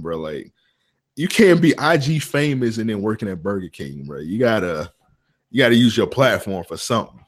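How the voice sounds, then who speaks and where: A podcast co-host with a fairly low, very animated voice tells loose, slangy stories at a moderate pace, laughing often between lines in casual banter.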